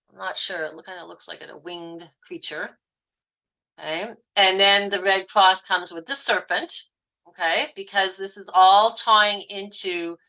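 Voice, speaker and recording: A woman's voice: medium pitch, pushed and bright, low-quality recording. A woman teaching an online class, explaining at length and checking in often with "okay?" and "right?". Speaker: astrology and esoteric teacher.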